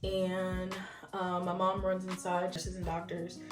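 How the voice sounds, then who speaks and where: A woman's voice: fairly low pitch, unhurried. Chatty young woman in an echoey room. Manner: animated, chatty storytelling with many fillers. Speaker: vlogger. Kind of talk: casual story time. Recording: echoey room, distant from mic, faint music.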